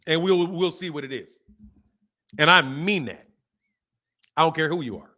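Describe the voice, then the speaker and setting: High-voiced, slangy man. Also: moderate pace, long pauses. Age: adult, a father. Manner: slangy, animated, laughs often. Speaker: boxing channel host. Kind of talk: casual livestream chat.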